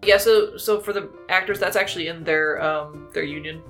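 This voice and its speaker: A woman's voice: low-pitched, moderate pace, fairly bright tone, faint music behind. A woman co-hosting a casual podcast, recapping a stage musical's plot with lots of laughs and fillers. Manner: giggly, upbeat, lots of "like". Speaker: podcast co-host.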